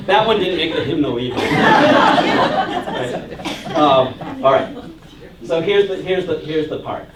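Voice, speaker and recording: Male church music minister, higher voice, jovial and chatty class lecturer, recorded far off the mic in a roomy hall. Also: big pitch swings, takes it slowly, a loud crowd. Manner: jovial and chatty, reads hymn verses aloud with laughs. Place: church meeting room.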